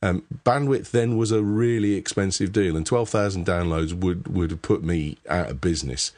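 A man's voice: sits low, normal speed, darkish tone. A man from England with a Birmingham accent, hosting a casual tech podcast and rambling through sponsor thanks with plenty of restarts. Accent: Birmingham English. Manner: chatty, rambling with many restarts and laughs. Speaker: podcast host.

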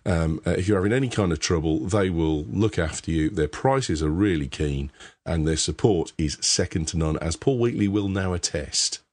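A man from England with a Birmingham accent hosts a casual tech podcast, rambling chattily through sponsor thanks with many restarts and laughs. His voice is low and a little mellow, at a normal speed.

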